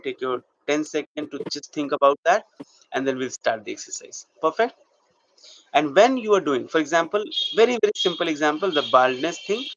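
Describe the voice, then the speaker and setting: A man's voice: fairly high pitch, a bit bright, no room sound. A man teaching an acting class, explaining steps and checking in with his students. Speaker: acting coach. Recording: dull lo-fi recording.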